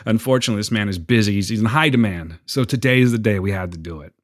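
A man hosting a casual podcast, sick with a rough voice, joking and rambling at himself. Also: lowish voice, very fast, dry recording, studio quality. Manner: jokey, self-mocking, rambling. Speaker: podcast host.

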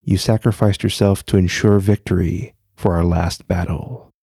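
Casting note: earnest samurai, read by a man, low gravelly voice, dry close sound. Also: fairly even intonation, normal speed, dark tone, no room sound, exaggerated voice. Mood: solemn.

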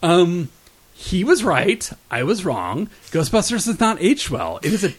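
A man's voice: high-pitched, unhurried. A man co-hosting a podcast, chatting casually and bluntly about films and TV. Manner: animated and blunt. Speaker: podcast co-host. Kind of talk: casual chat reviewing TV and films.

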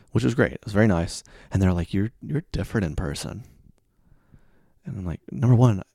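A man's voice: extremely low pitch, gravelly, dark tone, dry recording, studio quality. A man telling stories in a casual monologue, acting out both sides of conversations with sudden exasperated bursts. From American Heartland. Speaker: podcast host.

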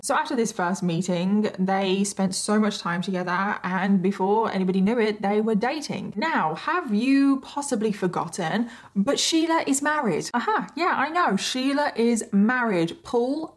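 A British woman hosts a true crime podcast in a chatty, conversational tone. Her voice sits at a middle pitch for a woman, and she often turns to the listener with direct asides while telling the story.

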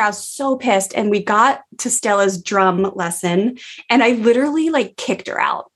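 A woman's voice: medium pitch, normal speed. A woman in her forties, a mother chatting casually and telling a story with plenty of filler words.

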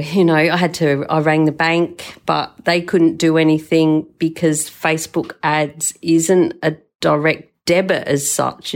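Speaking with a low voice and vocal fry, an older woman hosts a podcast. Her monologue is a casual, emotional, meandering story peppered with swearing.

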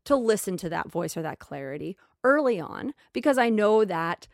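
An earnest woman shares her spiritual growth in a reflective monologue. She keeps coming back to the same phrases and often drops soft and slow. Her voice sits at a middle pitch and sounds dry and close to the mic. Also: very animated, creaky, dry recording.

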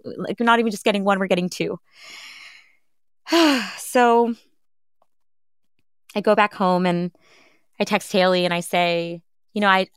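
An earnest woman in her thirties tells her own story in an interview, sitting at an average pitch for a woman. She is reflective and brings the people she talks about to life in quick retellings. Her voice is close and dry, with no room sound. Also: clear, resonant tone, no echo. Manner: earnest, reflective, quotes others in lively retellings. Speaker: podcast host telling her own story.

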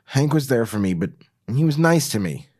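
A man voicing a tearful young woman who is guilty and defensive, reading a screenplay aloud in a halting, pleading voice. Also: mid-range voice, sing-song, darkish tone.

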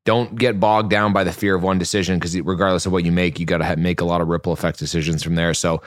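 A Canadian man co-hosting a podcast, rambling quickly with lots of fillers and telling stories. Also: low voice, flat delivery, no room sound, clean studio sound. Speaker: podcast co-host. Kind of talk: casual podcast chat and storytelling.

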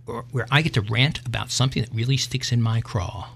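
A man's voice: medium pitch, fairly quick, creaky, hardly any pauses, fairly bright tone, husky, faint music behind. Emphatic middle-aged man ranting. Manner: emphatic, digressive ranting with wry asides. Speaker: podcast host. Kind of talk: opinion rant monologue.

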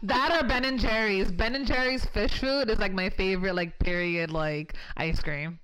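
A woman's voice: medium pitch, a bit bright, clean tone, low-quality recording. Blunt, laughing New woman. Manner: blunt, profane, quick to laugh. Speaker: podcast host. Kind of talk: casual chat.

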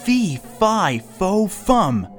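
Man doing a nasty giant pixie guy, loud and chanting, slow and swoopy. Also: mid-range voice, animated, music in the background. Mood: menacing. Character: vicious giant male pixie, mean and loud. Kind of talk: storybook character voice.

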